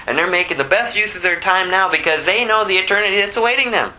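Animated preacher man with a sharp, bright voice. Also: high voice, fast, rough recording. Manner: animated, swings from hushed to loud emphatic bursts; reads scripture aloud in King James wording. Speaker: pastor. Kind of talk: expository Bible sermon.

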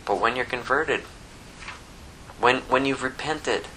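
A man preaching a sermon, reading scripture aloud with animated emphasis. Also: mid-range voice, slow, a little hiss or hum, poor audio. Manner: animated, quotes scripture in a rising voice, prays softly. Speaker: pastor.

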